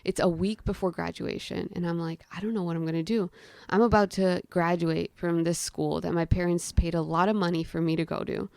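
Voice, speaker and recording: Talking fairly quickly in a lowish, creaky voice, this young female guest shares a story in an animated, chatty way, full of "like" fillers and acted-out quotes from herself and others. There's no room sound in the recording.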